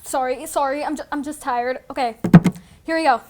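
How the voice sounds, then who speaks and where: A woman's voice: sits high, fairly even intonation, fairly quick, close to an everyday voice. A woman playing an exhausted young actress who stumbles over her lines and keeps apologizing over a video call in a comedy sketch. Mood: frazzled. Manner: flustered, tongue-tied, apologetic. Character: frazzled young actress botching an audition.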